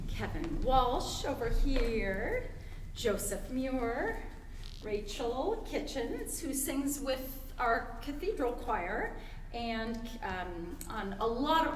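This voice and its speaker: A woman's voice: high-pitched, reverberant, big-room sound, slight background noise. A woman presenting a webinar on choral conducting, explaining and demonstrating vowel sounds with frequent fillers. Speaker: choir conductor and workshop presenter. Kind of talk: webinar teaching.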